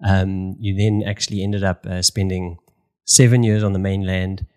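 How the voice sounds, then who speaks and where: A man's voice: deep voice, little pitch movement, normal speed, darkish tone. A man hosting a podcast, talking casually and hesitantly with lots of fillers. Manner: hesitant, many fillers and restarts. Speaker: podcast host. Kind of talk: casual interview talk.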